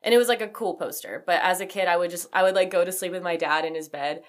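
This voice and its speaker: A young woman with a slightly low voice chats on her podcast. She talks loosely and rambles, with plenty of "like" fillers and quick laughs. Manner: chatty, frequent "like" fillers, laughs easily. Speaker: podcast host. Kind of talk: casual chat.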